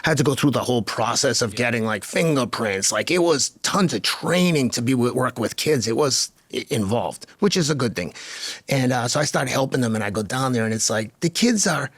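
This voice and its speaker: A man in his fifties, a guest on a podcast, telling stories in a chatty, animated way that grows louder and more fired up. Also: medium pitch, brisk, no room sound. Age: 50s. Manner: chatty, lots of fillers and restarts. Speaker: podcast guest, marathon runner. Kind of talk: casual interview storytelling.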